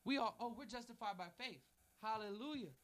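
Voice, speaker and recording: A man's voice: high-pitched, brisk. A man preaching a sermon, fervent and emphatic, building repeated phrases, with folksy, informal asides. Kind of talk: sermon with a read-aloud prayer.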